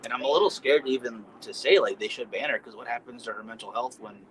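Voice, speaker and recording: A man's voice: medium pitch, quick pace, fairly bright tone, poor audio. Male podcast co-host, mid-range voice, thoughtful explainer; faint background noise. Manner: thoughtful, reflective, explains at length. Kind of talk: casual chat.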